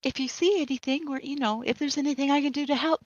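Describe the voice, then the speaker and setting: A woman voicing a chatty, nosy society lady who gushes in bright small talk. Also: sits high, fairly even intonation, fast talker, no echo, highs cut off, pitched above the performer's own voice, natural voice. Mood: gushing.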